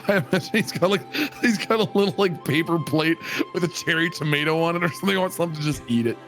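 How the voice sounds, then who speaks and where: A man's voice: on the high side, fast, a bit bright, soft background music. A man playing a tabletop game, describing his character's actions in a rambling, filler-heavy way and laughing often. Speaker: player. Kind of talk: casual tabletop game chat.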